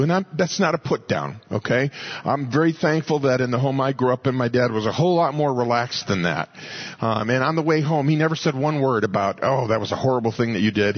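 Husky-voiced man preaching a folksy sermon. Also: fairly high pitch, dull audio. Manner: folksy, conversational storytelling. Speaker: pastor.

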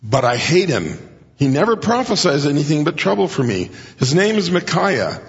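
A man preaching a sermon in a conversational way, often clearing his throat and raising his pitch to act out quoted speakers. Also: big pitch swings, moderate pace. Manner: frequent throat clearing and restarts. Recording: dull recording in a reverberant hall.

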